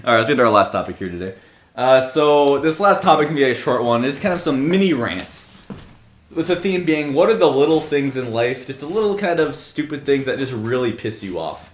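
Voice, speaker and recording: A man's voice: medium pitch, expressive, brisk, a little hiss or hum. A young man co-hosting a casual podcast, talking emphatically, ranting and swearing freely. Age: young adult. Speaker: podcast co-host leading topics. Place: home. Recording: echoey room.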